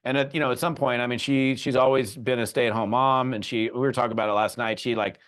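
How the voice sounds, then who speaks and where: A man hosting a podcast interview, telling stories in a lively, animated way. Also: mid-range voice, fast talker, clear, resonant tone. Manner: animated storyteller who acts out quoted voices. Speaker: podcast host. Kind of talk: conversational interview.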